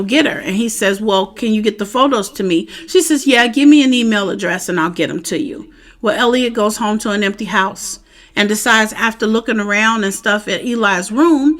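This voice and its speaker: A woman's voice: medium pitch, a bit bright. A woman giving a casual, chatty recap of a TV episode, often asking "you know what I'm saying?". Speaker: TV show reviewer.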